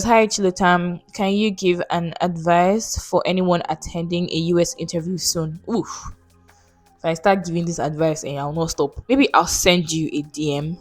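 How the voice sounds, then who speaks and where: A young woman answering viewer questions in a casual vlog, frank and chatty. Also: on the low side.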